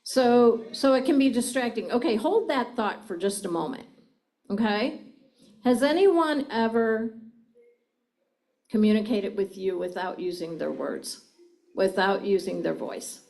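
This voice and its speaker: A woman's voice: medium pitch, measured pace, vocal fry, darkish tone, poor audio. A middle-aged woman presenting a communication seminar to a live audience, engaging them with frequent questions. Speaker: communication trainer.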